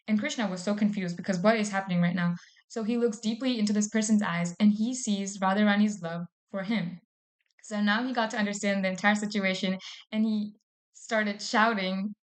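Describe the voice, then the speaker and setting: A woman's voice: medium pitch, brisk. A woman retelling a devotional story in a casual, chatty way, with plenty of fillers. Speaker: devotee speaker.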